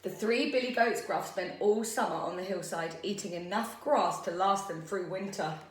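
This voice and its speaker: Teacher lady reading a story to little kids, lively, roomy echo. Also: mid-range voice, normal speed, far from the mic. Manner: expressive, lively. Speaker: primary school teacher. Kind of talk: storytelling for young children.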